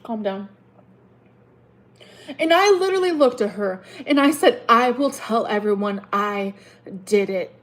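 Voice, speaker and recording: In a vlog, a woman in her thirties rants angrily, her heated, profane speech swinging between loud outbursts and low mutters. She talks at a normal speed.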